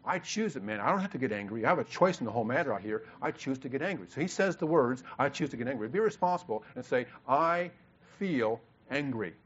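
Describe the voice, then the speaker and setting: A man's voice: mid-range voice, lively intonation, very fast, few pauses, slightly rough. A man co-hosting a marriage seminar, teaching earnestly with stammered restarts and repetition. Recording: dull lo-fi recording.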